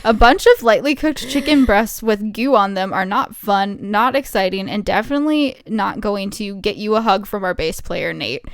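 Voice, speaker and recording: A woman's voice: mid-range voice, moderate pace, hardly any pauses, no echo, clean studio sound. A woman co-hosting a podcast, chatting casually and reading out lists with mock drama and giggles. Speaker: podcast co-host. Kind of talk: casual chat, reading aloud.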